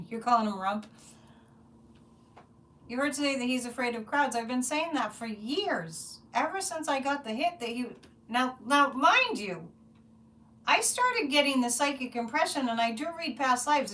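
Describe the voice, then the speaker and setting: A high-voiced woman talks animatedly to her viewers on a casual psychic livestream. She rambles, restarts her sentences and gets worked up. The mic sits a little distant from her. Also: a bit bright. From United States.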